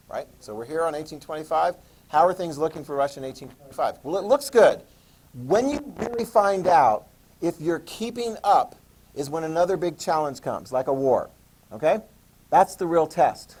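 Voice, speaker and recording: A man teaching a history class, lecturing in an animated way, joking and asking students questions. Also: a little high, rough recording. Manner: animated, talks to students, jokes and asks questions.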